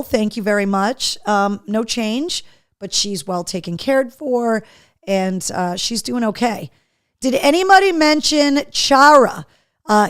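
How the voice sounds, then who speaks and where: Brief: woman, live show host, a touch high-pitched, dry close mic, easygoing and chatty. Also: clear, resonant tone, no echo. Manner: chatty, reads viewer comments aloud. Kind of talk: casual live-stream chat.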